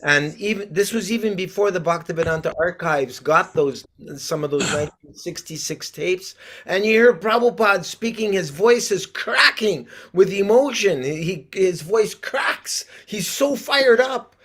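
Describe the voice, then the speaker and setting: A man's voice: high-pitched, lively intonation, unhurried, few pauses, fairly bright tone. A man in the audience making earnest conversational remarks over a video call. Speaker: devotee in the audience.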